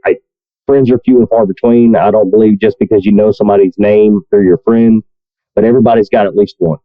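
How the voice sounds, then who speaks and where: A man's voice: on the low side, steady tone, a little fast, dry recording, phone-quality sound. A man co-hosting a podcast in casual chat, blunt and profane, often poking fun at himself. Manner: blunt, profane, self-deprecating. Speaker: podcast co-host.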